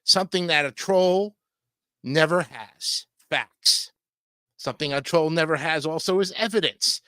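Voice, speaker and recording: A man's voice: fairly high pitch, measured pace, sharp tone, dry recording, clean studio sound. A man hosting a livestream show, delivering combative, crude political commentary and repeatedly asking his audience "okay?".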